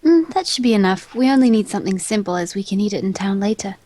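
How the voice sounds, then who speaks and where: A woman reading a refined, gentle young lady. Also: medium pitch, fast, lightly acted. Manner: polite, calm and formal.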